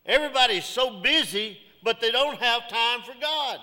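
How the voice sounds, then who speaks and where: Middle-aged male pastor, high bright voice, folksy sermon, church reverb. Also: lively intonation, moderate pace. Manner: folksy, preaching with call-outs and jokes.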